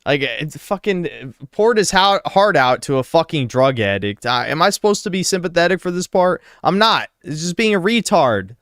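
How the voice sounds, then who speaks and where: A man's voice: fairly high pitch, big pitch swings, normal speed, hardly any pauses, a bit bright, dry recording, studio quality. A man giving blunt, sarcastic reaction commentary on a clip.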